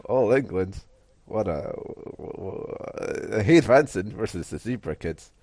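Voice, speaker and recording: Low-voiced Scottish man, rambling chat. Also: expressive, unhurried, darkish tone, no echo. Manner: rambling, hesitant, full of "like". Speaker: podcast co-host. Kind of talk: casual chat.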